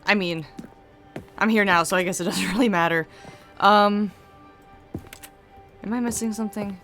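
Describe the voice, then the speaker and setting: A woman's voice: mid-range voice, fairly even intonation, moderate pace, a bit bright. A woman streamer giving chatty, giggly commentary over a game. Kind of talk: casual gameplay commentary. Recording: stream audio with game music behind.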